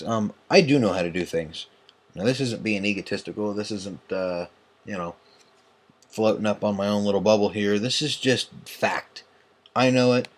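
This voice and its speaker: A man's voice: fairly low pitch, expressive, moderate pace. A young man in a profane, agitated late-night rant, tired and yawning as he talks. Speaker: online tournament host. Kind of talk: ranting vlog.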